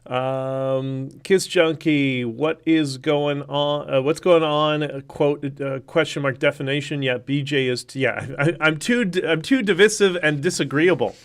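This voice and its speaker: A man's voice: on the high side, moderate pace, hardly any pauses. A man hosting a casual solo livestream, rambling through topics and viewer comments with many fillers and restarts. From Canada. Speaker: livestream host.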